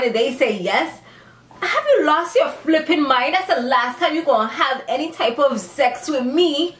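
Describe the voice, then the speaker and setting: A woman with a fairly high voice chats through a TV episode recap in a sassy, animated way, swinging her pitch up for emphasis and laughing often. Her voice carries noticeable echo from the room. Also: moderate pace. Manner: laughs often while talking. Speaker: TV recap vlogger. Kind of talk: casual chatty TV recap. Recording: echoey room.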